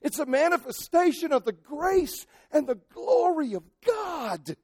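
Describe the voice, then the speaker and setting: A male pastor preaching a sermon, impassioned, moving from shouted cries to near-quiet asides. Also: extremely high pitch, sing-song, unhurried, no room sound, clean studio sound.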